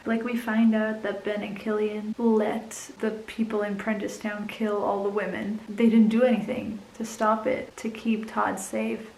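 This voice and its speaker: A woman's voice: fairly high pitch, a little mellow, roomy sound, a little hiss or hum, low-quality recording. A young woman vlogging casually about a book she just read, emotional and teary, laughing often and dropping into whispers. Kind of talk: casual reading vlog.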